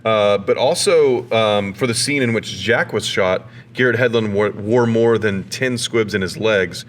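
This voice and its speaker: A man with a fairly low voice chats as a podcast co-host, sharing film trivia and asking his guests questions. Faint noise runs underneath. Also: measured pace. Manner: shares trivia, asks questions. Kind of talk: casual film discussion.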